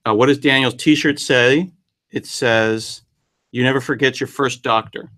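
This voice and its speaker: Man, casual live-stream host, jokey, rambling, self-deprecating, mid pitch. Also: steady tone, measured pace, fairly bright tone.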